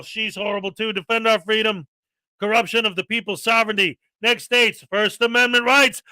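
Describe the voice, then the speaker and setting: A man with a high, very bright voice rants through a casual live-stream chat and reels off long lists. The sound is close and dry. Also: no room sound, rough recording.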